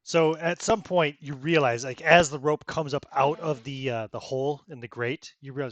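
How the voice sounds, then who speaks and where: A man's voice: a little high, normal speed, hardly any pauses, highs cut off. A man running a tabletop role-playing game, narrating in a casual, laid-back way and laughing often. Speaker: game master.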